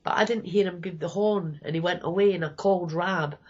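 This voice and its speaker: A woman's voice: lowish voice, a little fast, highs cut off. A Scottish woman in her fifties, telling her life story candidly and rambling, often quoting people. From Scotland. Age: 50s. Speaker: guest. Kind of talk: personal storytelling.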